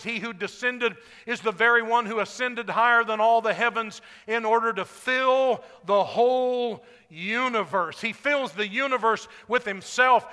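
A man pastor preaching a sermon to a congregation, building to loud shouted lines and then dropping his voice. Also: very high voice. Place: church sanctuary. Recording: echoey hall.

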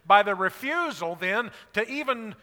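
A man preaching a sermon as a pastor, animated and acting out short dialogues. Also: high voice, normal speed, long reverb tail.

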